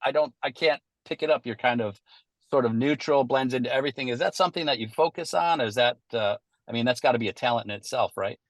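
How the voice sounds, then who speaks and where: A man's voice: medium pitch, fast, no echo. A man hosting an interview, asking questions in a conversational, thoughtful way. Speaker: interviewer host. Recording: dry, close sound.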